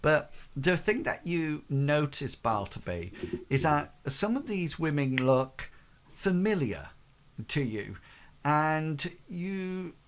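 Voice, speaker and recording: Slow hesitant male game master. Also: on the high side, sing-song. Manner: hesitant, many fillers. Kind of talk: narrating a tabletop game.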